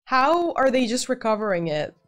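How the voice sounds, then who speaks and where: A woman's voice: a little high, sing-song, moderate pace, soft background music. A young woman in her twenties hosting a movie reaction video, exclaiming and swearing freely as she reacts. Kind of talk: casual movie reaction commentary.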